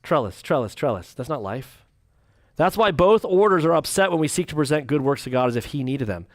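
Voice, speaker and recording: A man, a pastor, teaching a church class, reading quotes and joking between them in quick put-on voices. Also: a little high, dry recording. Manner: animated, jokey, acts out quick voices.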